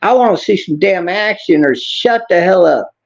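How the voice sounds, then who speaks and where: A man's voice: high voice, lively intonation, normal speed, creaky, highs cut off. A man hosting a political livestream, talking bluntly and angrily, swearing and answering chat comments. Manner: blunt, angry, swears, talks back to chat. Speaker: livestream host reading chat. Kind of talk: casual political livestream rant.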